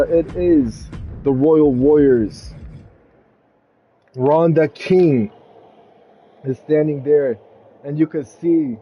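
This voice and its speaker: A man narrating a wrestling video game story like an excitable announcer. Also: on the high side, lo-fi sound. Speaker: game commentator.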